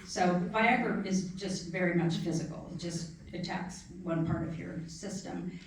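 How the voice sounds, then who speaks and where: A woman's voice: lowish voice, steady tone, measured pace. Earnest author woman in echoey hall. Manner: chatty, earnest, gets emotional. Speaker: author discussing her book. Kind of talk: casual book talk. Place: library event room. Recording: echoey room from far off.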